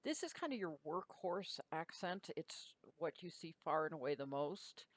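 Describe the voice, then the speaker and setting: A middle-aged woman gives a classroom lecture in a relaxed, explanatory way, pausing on fillers and checking in with her listeners. Her voice sits on the low side. The recording is dry and close. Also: dry recording. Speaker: teacher.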